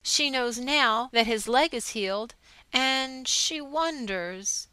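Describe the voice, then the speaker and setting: A woman reading the lines of a nerve specialist, grave and measured. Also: fairly high pitch, bright, forceful tone, clean tone, no echo, poor audio.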